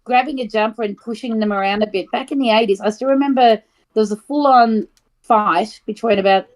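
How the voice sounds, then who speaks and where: A woman's voice: on the high side, a little fast. Australian woman chatting on a video call. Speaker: livestream guest. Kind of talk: casual group video call chat.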